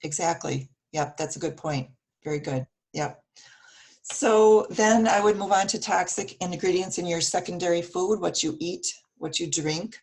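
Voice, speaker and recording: A woman with a low, gravelly, hoarse voice gives earnest wellness advice over a video call. She talks steadily with plenty of ums and uhs. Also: moderate pace, darkish tone. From Wisconsin, US. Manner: earnest, advice-giving, with many fillers. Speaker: guest speaker on wellness. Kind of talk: casual online meetup talk. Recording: video call audio with dropouts.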